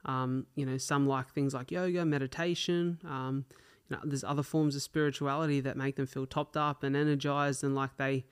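A man's voice: medium pitch, steady tone, normal speed, few pauses, clean tone. An Australian man hosting a solo podcast, telling stories in a chatty, slangy way and swearing casually. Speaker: podcast host.

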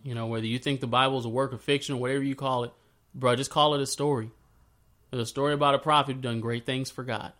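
A man telling a Bible story in a casual, slangy way, breaking into animated retellings of the scenes. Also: mid-range voice, fast. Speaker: speaker sharing a faith story. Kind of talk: casual spoken reflection.

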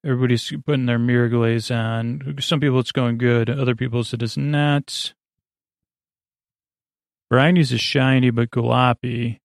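Slow, gravelly man recapping drowsily. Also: mid-range voice, no echo, studio quality. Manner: meandering, frequent self-corrections and filler words. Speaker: podcast host. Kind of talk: rambling sleep-podcast episode recap.

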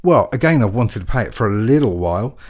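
English male radio DJ, casual and rambling, lower register, very lively delivery. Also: quick pace. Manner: chatty, jokey, rambling with fillers. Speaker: radio DJ host.

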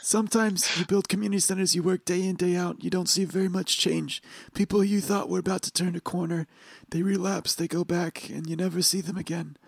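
A man's voice: sits high, steady tone, a little fast, gravelly, hardly any pauses, husky. A man playing a tabletop role-playing game, giving jokey mock-earnest speeches in character. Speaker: player.

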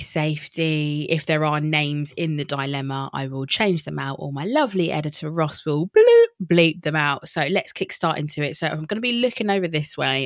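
A woman's voice: low-pitched, no room sound, studio quality. A woman hosting a podcast in a casual monologue, candid, swearing freely and laughing often. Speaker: podcast host.

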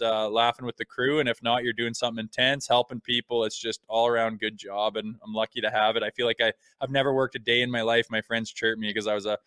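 A man in his thirties tells his stories in a relaxed, easygoing way, swearing often and laughing easily. His voice is bright and smooth. The sound is dry and close, with no room around it. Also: on the low side, no echo. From Canada. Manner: laid-back storytelling, swears freely, laughs easily. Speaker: podcast guest, former pro hockey player and firefighter. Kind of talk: casual chat.

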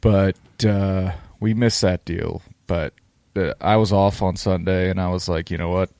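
A man's voice: low-pitched, fairly even intonation, a little slow, creaky, a little mellow, no echo. A man co-hosting a casual podcast chat, blunt and swearing freely. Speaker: podcast co-host.

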